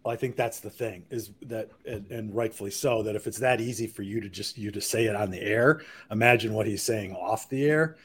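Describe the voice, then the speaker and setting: A man's voice: on the low side, brisk, hardly any pauses, fairly bright tone, a little hiss or hum. A man on a casual sports podcast, working through his opinion and searching for words.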